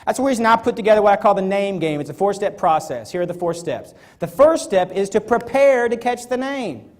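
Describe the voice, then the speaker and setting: A man's voice: high-pitched, a little fast. A man giving a motivational talk on stage before a live audience, acting out little scenes as he goes. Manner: animated, acts out little scenes. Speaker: motivational speaker.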